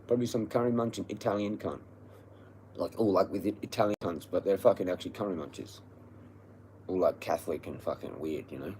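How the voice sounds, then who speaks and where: An Australian man on a livestream, telling a story as an angry, profane rant that swings between low muttering and loud yelling. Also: fairly quick, slight background noise, rough recording. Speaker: livestream host.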